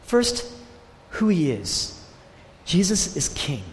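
Man, high voice, sermon, emphatic, repeats key phrases, long hall reverb. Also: big pitch swings, takes it slowly, slight background noise. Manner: emphatic, repeats key phrases, drops to hushed tones for stress. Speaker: preacher.

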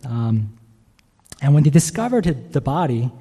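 A man's voice: medium pitch, big pitch swings, moderate pace, warm tone, breathy edge. A male pastor preaching a sermon in a conversational way, often checking in with the listeners with "right?". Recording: long reverb in a large hall.

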